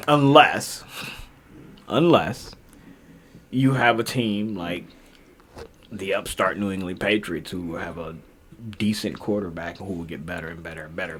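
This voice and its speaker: A man's voice: sits low, a bit bright, slightly rough. A man co-hosting a podcast, talking in a laid-back, slangy casual chat. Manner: laid-back, slangy, says "bro" a lot. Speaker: podcast co-host.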